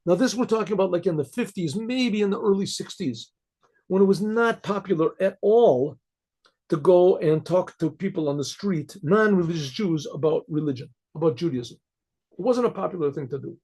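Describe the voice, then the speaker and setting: A man, a rabbi, telling a story in a casual, halting way with many restarts and frequent throat clearing. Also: high voice, animated, warm tone.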